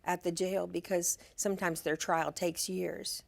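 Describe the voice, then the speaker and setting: A woman who leads a street and jail ministry chats earnestly as a talk-show guest in casual conversation. Her voice is on the low side and creaky, with little pitch movement and an unhurried pace, and she often restarts sentences and laughs easily.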